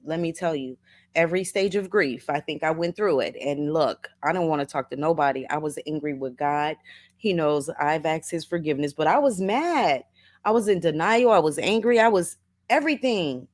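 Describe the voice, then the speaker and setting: A middle-aged woman hosting a casual motivational livestream, reading viewers' comments aloud, laughing often and calling listeners baby and honey. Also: sits low. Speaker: livestream host.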